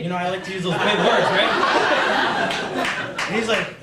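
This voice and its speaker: A man's voice: high voice, a little fast, long pauses. A young man performing a stand-up comedy set, rambling loosely with lots of fillers. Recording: echoey room from far off, loud background noise.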